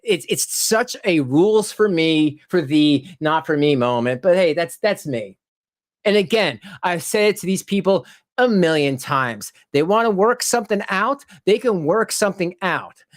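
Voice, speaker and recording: A man hosting his channel, heated and profane, ranting in casual commentary and laughing often. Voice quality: animated, jumps into high mocking voices when quoting critics. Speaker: channel host.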